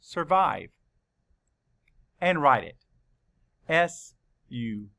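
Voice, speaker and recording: A man leads a children's spelling lesson at an unhurried pace, sounding out each letter carefully. His voice is bright and forward, with a measured, patient delivery. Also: medium pitch, expressive. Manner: slow, deliberate letter-by-letter dictation. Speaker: teacher.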